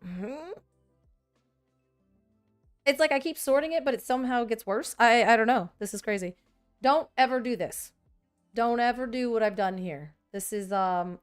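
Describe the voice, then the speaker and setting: A woman's voice: medium pitch, moderate pace, soft background music. A woman vlogger chatting casually and thinking aloud while she sorts trading cards, often poking fun at herself. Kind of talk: casual chat while working.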